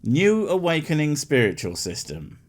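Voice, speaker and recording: A man's voice: fairly high pitch, huge pitch swings, moderate pace. A man giving sarcastic, mocking comedy commentary over a video.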